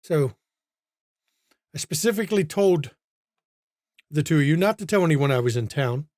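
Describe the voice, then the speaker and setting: A man voicing a short, pudgy, balding demon with a heavy German accent, speaking tersely and quietly in cryptic phrases. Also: on the high side, animated, normal speed, dry recording, studio quality, close to an everyday voice. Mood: cool.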